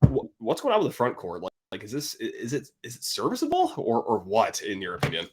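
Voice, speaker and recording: A male sports podcast host talking casually and reading an ad with playful, animated energy. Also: fairly low pitch, fast talker, slightly rough.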